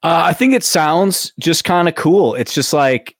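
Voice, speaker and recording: A man chatting as a guest on a podcast, easygoing and relaxed. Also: on the high side, a little slow, no room sound, clean studio sound. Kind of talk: casual podcast chat.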